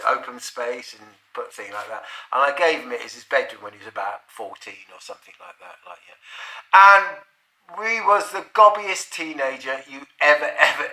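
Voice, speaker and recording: A storyteller in middle age relates a personal anecdote casually, rambling along with profanity and chuckles. His voice sits at medium pitch and sounds pushed and bright. A roomy echo colors the recording.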